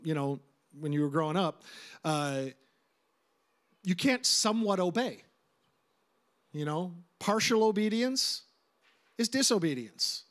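Man, middle-aged pastor, high-pitched, emphatic conversational sermon delivery. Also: fairly bright tone. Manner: emphatic, repeats phrases for stress, conversational asides.

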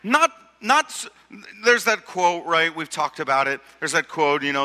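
In a long hall reverb, a male pastor delivers a conversational sermon, asking rhetorical questions and often repeating his words. His voice sits on the high side, bright and forceful, with big pitch swings at a moderate pace.

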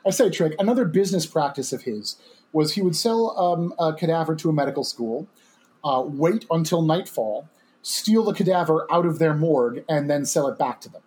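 A man's voice: a little high, animated, normal speed, a little mellow. Rambling, chuckling podcast man. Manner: rambling, many fillers, chuckling asides. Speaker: podcast co-host. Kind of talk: casual storytelling chat.

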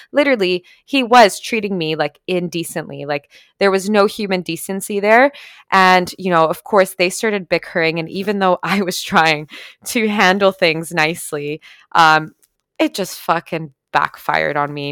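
Low, smooth young woman telling a story. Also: dry recording. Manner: animated, frequent "like" and "literally", swearing. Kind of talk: casual storytime.

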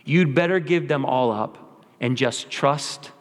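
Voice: medium pitch, takes it slowly, in a large hall, close to an everyday voice. A preacher doing a folksy, trusting old-time woman. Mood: serene. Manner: folksy dialect, plain-spoken.

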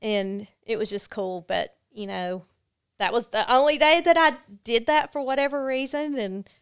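As a guest on a podcast, a woman with a slightly high, smooth voice shares a personal story. She speaks earnestly and candidly, pausing with hesitant fillers.

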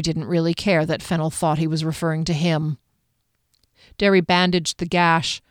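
Woman audiobook narrator, measured fantasy reading, smooth resonant voice, dry studio sound. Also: low-pitched, flat delivery, no echo.

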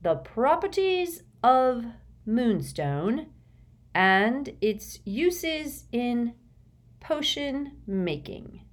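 A woman's voice: a little high, big pitch swings, measured pace, slightly rough, voice pushed up, full character voice. Ron, a woman voicing a hesitant schoolboy. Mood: sheepish. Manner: hesitant, muttering. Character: lanky teenage schoolboy wizard, evasive.

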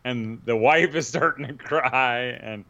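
A man's voice: medium pitch, measured pace, sharp tone, dull audio. A man co-hosting a podcast, telling rambling stories in casual chat and laughing often. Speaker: podcast co-host.

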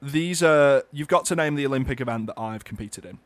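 A man co-hosting a comedic radio show, joking in a dry, playful, deadpan way. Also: mid-range voice, a little fast, no room sound. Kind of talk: comedic casual chat.

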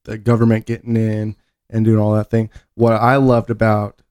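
A man co-hosting a casual podcast chat, loud and pushy when joking around. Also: lowish voice, monotone, moderate pace, clean tone, dry recording, clean studio sound. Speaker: podcast co-host.

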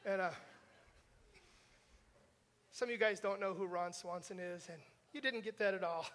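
Male pastor, high bright voice, chatty sermon with lots of rhetorical "right?", long hall reverb. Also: normal speed. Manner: conversational, asks the congregation questions with frequent "right?"; self-deprecating humor.

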